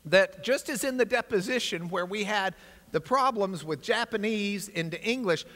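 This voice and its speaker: A man teaching a Bible class in an energetic, animated lecture style, with asides to his class. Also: sits high. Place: large church classroom. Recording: long hall reverb.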